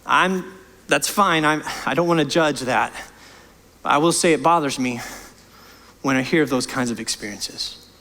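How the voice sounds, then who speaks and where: A man's voice: medium pitch, moderate pace, long pauses, a bit bright, long reverb tail. A man preaching as pastor, impassioned and emphatic, often repeating and restarting words. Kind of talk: sermon. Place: church sanctuary.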